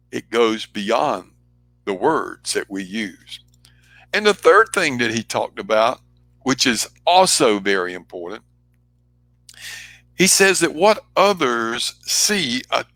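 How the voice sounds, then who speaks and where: A man's voice: fairly high pitch, vocal fry, no echo. Earnest man giving a motivational talk. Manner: earnest, emphatic, varies loudness and pace for effect. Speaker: speaker and trainer.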